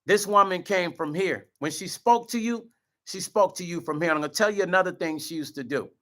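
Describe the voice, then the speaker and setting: A man's voice: high-pitched, fairly quick, sharp tone. A middle-aged man vlogging, earnest and close to tears, repeating himself and speaking straight to his viewers. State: choked up, near tears. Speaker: vlog host. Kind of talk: emotional direct-to-camera talk.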